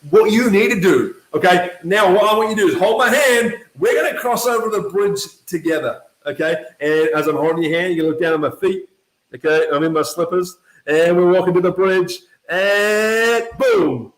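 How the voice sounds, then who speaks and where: A man coaching network marketers in a motivational talk to camera, emphatic and lively, always checking in with his listeners. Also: high voice, fairly quick, reverberant, poor audio. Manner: emphatic, keeps checking in with "okay?" and "right?"; lively, acts out quoted voices.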